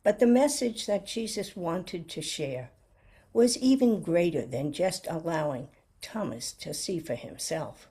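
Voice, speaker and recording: A woman giving a sermon reflection with a personal story, speaking in a gentle, earnest, reflective way. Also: lowish voice, lively intonation, measured pace, breathy edge. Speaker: lay preacher giving a reflection.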